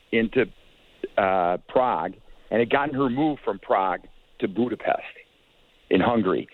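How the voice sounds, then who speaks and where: Older guy on a tinny phone line, lowish voice, rambling stories, keeps restarting. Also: no echo. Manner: rambling anecdotes with frequent restarts and chuckles. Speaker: guest, hockey executive. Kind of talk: casual storytelling.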